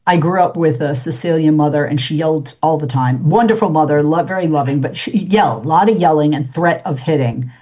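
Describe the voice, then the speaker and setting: A woman's voice: sits low, fairly quick, few pauses, dark tone, slightly rough. A woman hosting a talk show, chatting casually with a guest and filling her speech with uh and you know. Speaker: radio talk show host. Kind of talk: casual interview chat. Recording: dull lo-fi sound.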